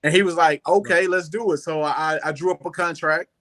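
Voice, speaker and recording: Guy guesting on a talk show, fairly high, bright and forceful voice, loose rambling storyteller. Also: fairly quick. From Southern United States. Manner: rambling, animated, leans on "you know". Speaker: guest musician. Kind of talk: casual storytelling interview.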